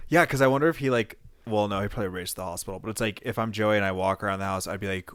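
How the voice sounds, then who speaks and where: A man's voice: fairly low pitch, very fast, a bit bright, clean tone, dry recording. A man co-hosting a casual podcast, reacting to a story with gasps, swearing and jokes. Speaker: podcast co-host listening. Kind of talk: casual chat.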